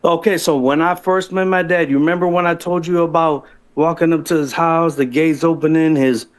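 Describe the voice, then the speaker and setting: A man with a fairly high voice tells his own story in a loose, rambling way. He swears freely, restarts sentences and speeds up when he gets excited, speaking over a call line. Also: fairly quick, smooth. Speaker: guest caller telling his story. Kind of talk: casual storytelling on a livestream.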